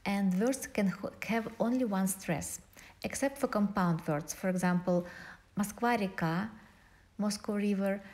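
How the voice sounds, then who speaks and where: Woman, Russian accent, mid-pitched voice, patient teacher walking through pronunciation step by step. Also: darkish tone. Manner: methodical, spells out and models pronunciations slowly. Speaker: language teacher. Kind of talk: online language lesson.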